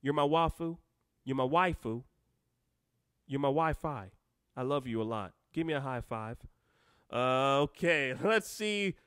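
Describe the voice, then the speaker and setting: A man's voice: mid-range voice, lively intonation, a little slow, a bit bright, no echo, studio quality. A man hosting a live stream, reading out comments and taking calls, rambling and cutting himself off with joking asides.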